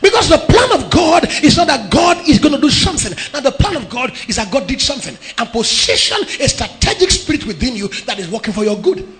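A man preaching a sermon as pastor, emphatic, with phrases shouted and sung out. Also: extremely high pitch, sing-song, a little fast, hardly any pauses, a little hiss or hum. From Nigeria.

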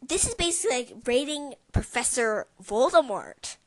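A woman co-hosting a casual podcast, talking in an excitable, emphatic way. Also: high-pitched, no echo. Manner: excitable, emphatic, quick to exclaim. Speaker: podcast co-host.

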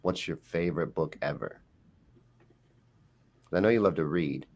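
Homem de voz muito grave, conversa descontraída. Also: male voice, sits low, unhurried. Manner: playful, teasing, rambling. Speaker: podcast co-host. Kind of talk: casual joking chat.

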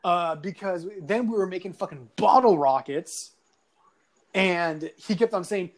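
Young man, high voice, casual profane storytelling, animated, swearing, laughing. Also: unhurried. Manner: animated, swearing often, laughing through lines. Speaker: podcast guest telling a story.

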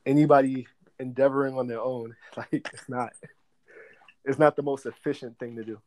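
Guest spot: young adult man, earnest and explanatory, mid-pitched voice. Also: steady tone, moderate pace, darkish tone. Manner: earnest, explanatory, with frequent "um" and "you know". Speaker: guest, credit repair business director. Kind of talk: conversational interview answers.

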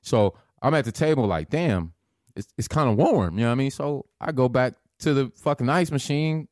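A man's voice: medium pitch, animated, darkish tone, dry recording, clean studio sound. A man in his thirties telling drinking stories in casual, profane chat. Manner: laid-back, profane, drawn-out storytelling.

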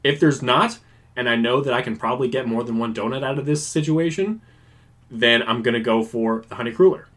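A man's voice: medium pitch, brisk, fairly bright tone. Male podcast co-host, rambling and self-deprecating, casual chat. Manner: rambling, self-mocking, chatty.

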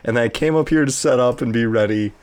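A man's voice: mid-range voice, a little fast, a little mellow, smooth. A man in his thirties, the dungeon master, chatting playfully and easily with his players before the game. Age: 30s. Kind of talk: casual tabletop game chat.

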